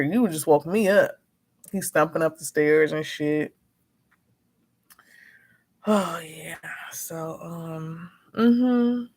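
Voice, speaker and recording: A woman chatting casually as a vlogger, frank and animated, acting out quotes as she tells her story. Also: medium pitch, gravelly. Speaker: notary and vlogger.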